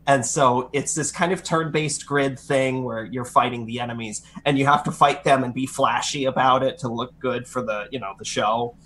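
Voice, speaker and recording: A man's voice: mid-range voice, moderate pace, hardly any pauses, slight background noise. A man co-hosting a gaming podcast, chatting casually and rambling through game opinions. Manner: rambling, self-correcting, animated impressions. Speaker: podcast co-host.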